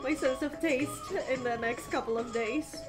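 A woman's voice: sits high, moderate pace, over music. A woman with a congested, nasal voice from being sick, hosting a reaction video in rambling casual chat full of fillers and swearing. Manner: chatty, rambling with fillers and swearing, gushing excitedly while reacting. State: congested and recovering from illness, coughing.

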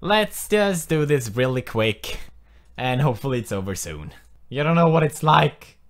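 Jumpy, lively young man gaming. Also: mid-range voice, normal speed. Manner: jumpy, swearing, joking nervously. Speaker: gaming commentator. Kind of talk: let's play commentary.

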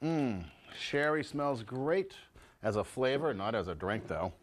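A man hosts a relaxed home cooking show from his kitchen, talking to the folks at home as he cooks and tastes. He speaks at an everyday middle pitch in a chatty, easygoing way. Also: measured pace. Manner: chatty, tasting food and talking to viewers as folks.

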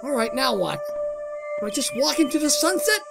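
A man doing jokey, excitable let's play commentary, exclaiming and talking to himself while playing a horror game. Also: very high-pitched, normal speed, gravelly. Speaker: gamer doing a playthrough. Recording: game music playing behind. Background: game music.

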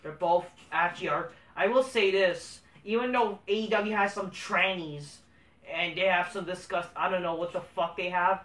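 Profane, ranting man with a bright voice. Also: sits high, moderate pace, distant mic. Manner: profane, ranting, swings between muttering and heated outbursts. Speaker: host of a wrestling review channel. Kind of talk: casual solo review vlog. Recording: roomy sound, away from the mic.

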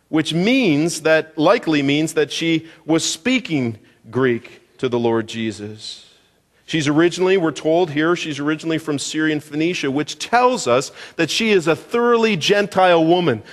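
A male pastor preaching a sermon in a conversational way, asking the congregation questions as he goes. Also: on the high side. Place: church sanctuary. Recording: church hall reverb.

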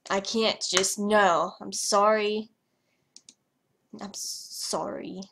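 A woman's voice: medium pitch, steady tone, extremely slow, gravelly, fairly bright tone, a little hiss or hum. A young woman vlogger talking over her gameplay in a hyper, rambling way, trailing off and stuttering as she goes. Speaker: gaming vlogger. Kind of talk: casual commentary over gameplay.

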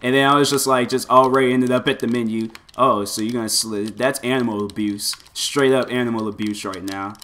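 Male gamer, average pitch, excitable and rambling play-by-play, faint keyboard noise. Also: a little fast, hardly any pauses. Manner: excitable, loose, frequent exclamations and filler words. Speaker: gameplay commentator. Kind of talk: casual gameplay commentary.

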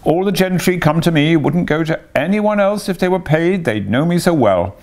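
A man voicing a boastful male toad disguised as a washerwoman, bragging in an airy falsetto. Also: big pitch swings, normal speed, vocal fry, a little mellow.

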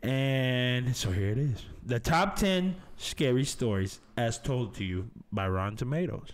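A man's voice: mid-range voice, animated, unhurried. A man hosting a podcast in casual chat, laid-back and swearing freely, calling people baby and man. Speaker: podcast host.

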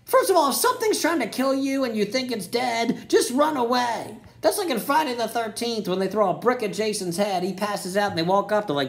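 A man's voice: extremely high pitch, lively intonation, a little fast, vocal fry, few pauses. A man giving a profane comedic movie review, ranting sarcastically and slipping into jokey voices. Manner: crude, sarcastic rants with jokey put-on voices.

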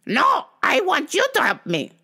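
A woman's voice: high voice, huge pitch swings, measured pace, sharp tone, voice pushed up, exaggerated voice. A woman voicing a rude, demanding old woman customer who talks in a curt, insistent way.

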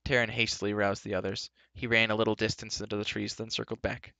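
A man narrating a live storybook reading in a steady, even way. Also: on the low side, quick pace, clear, resonant tone, no room sound.

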